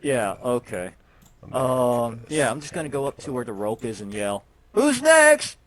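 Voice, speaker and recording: A man's voice: medium pitch, moderate pace, no echo. A man playing a tabletop game over voice chat, hesitant and full of fillers. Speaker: player. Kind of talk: casual tabletop banter.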